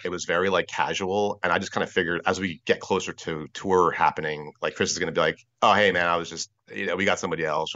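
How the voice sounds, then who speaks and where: A man with a low voice tells his story at a quick clip over a video call. He gets animated, swears freely and acts out what other people said. The audio is dry and dull, like a compressed internet call. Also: dry recording. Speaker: podcast guest.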